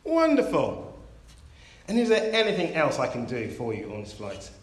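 A man's voice: on the high side, huge pitch swings. A man voicing a flustered, lost airline captain, switching between cheery and anxious. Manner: brisk and cheery, then anxious. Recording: roomy echo.

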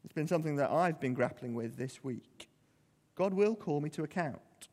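A man's voice: fairly high pitch, animated, moderate pace, a little mellow, in a large hall. A man preaching a sermon in a conversational, earnest way, often putting questions to the congregation.

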